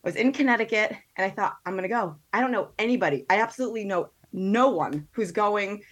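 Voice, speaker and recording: A woman, a podcast guest, chatting casually and telling a story with quick asides and quoted thoughts. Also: medium pitch. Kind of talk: casual chat.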